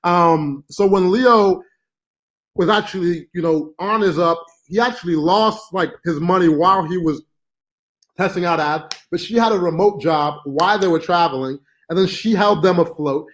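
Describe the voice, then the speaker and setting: A man's voice: high-pitched, normal speed, fairly bright tone. A man hosting a live-stream marketing class, talking casually with many fillers and asides. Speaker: online marketing course host.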